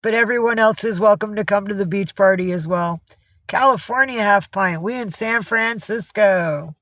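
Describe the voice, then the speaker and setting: A woman's voice: medium pitch, normal speed, a bit bright, no room sound. A woman from upstate New York hosting a casual livestream, chatting with viewers, greeting them by name and swearing freely. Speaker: livestream host.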